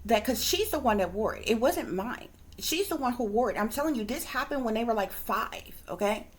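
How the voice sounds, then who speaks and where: A woman, a psychic reader, telling a long story to her viewers in a rambling, emphatic way, swearing freely and sometimes dropping to a hushed whisper. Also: on the high side, lively intonation, fairly quick. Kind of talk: casual storytelling monologue to viewers.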